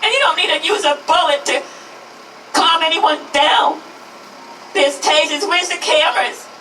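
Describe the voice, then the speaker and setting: A woman in her fifties, a grieving mother, giving an impassioned public speech at a rally. She is emphatic, repeats slogans and her voice rises toward shouts. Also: high voice, a little slow, reverberant, distant mic, slight background noise, poor audio.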